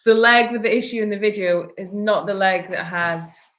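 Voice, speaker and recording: A woman's voice: mid-range voice, moderate pace, a bit bright. A woman co-hosting a sanctuary livestream, explaining an animal's treatment in a plain, practical way. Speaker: animal care co-host. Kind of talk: casual livestream chat.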